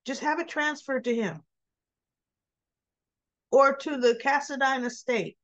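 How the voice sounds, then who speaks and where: A woman's voice: high voice, measured pace, fairly bright tone, highs cut off. A woman chatting casually as she recaps soap opera scenes, retelling dialogue and tossing in her own asides.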